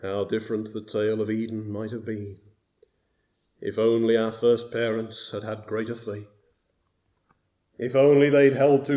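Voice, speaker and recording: A man preaching a sermon, slow and deliberate, rising to loud emphatic bursts on key words. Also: lowish voice, level tone, muffled recording.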